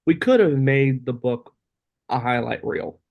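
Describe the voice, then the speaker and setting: A man, a podcast guest, telling stories in animated casual chat and often saying "you know". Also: medium pitch, measured pace, creaky, muffled recording. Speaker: guest, co-author of a book about his father. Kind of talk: casual interview storytelling.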